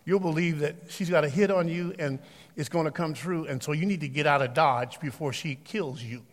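High-voiced preacher in a reverberant sanctuary. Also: male voice, moderate pace. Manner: swings between shouted exhortation and quiet scripture reading. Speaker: pastor. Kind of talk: sermon. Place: church sanctuary. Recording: long hall reverb.

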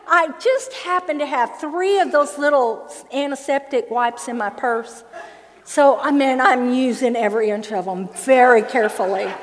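An older woman preaching a sermon through a funny personal story, with lively laughs along the way. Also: high-pitched, slight background noise. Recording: long hall reverb.

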